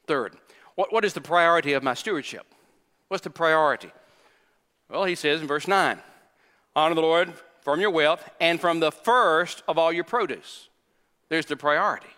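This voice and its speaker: An older male pastor preaches with a bright, ringing, forceful tone. His voice sits somewhat high for a man, and he drives his points home through repetition and questions to the room. Long reverb from the church hangs on every line. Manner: emphatic preacher, repeats phrases, asks the congregation questions. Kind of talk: sermon. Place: church sanctuary.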